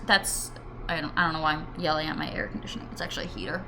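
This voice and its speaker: A woman in her twenties telling funny stories in a casual vlog, chatty and self-mocking, breaking into sudden shouted tics. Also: low-pitched, little pitch movement, racing, a little hiss or hum. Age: 20s. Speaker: vlogger. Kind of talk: casual storytelling monologue. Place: home room.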